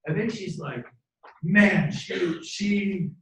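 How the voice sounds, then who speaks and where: A man in his fifties giving an energetic motivational talk to a live audience, preachy and animated, with sudden shouted bursts and jokey asides. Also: high-pitched, slow, slight background noise. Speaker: motivational speaker at a team training event. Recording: echoey room from a distant mic.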